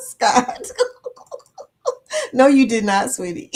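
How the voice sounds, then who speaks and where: A woman's voice: sits high, huge pitch swings, extremely slow, long pauses. A woman in her fifties hosting a casual live chat, reading viewer comments aloud, laughing often and playful. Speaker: livestream host.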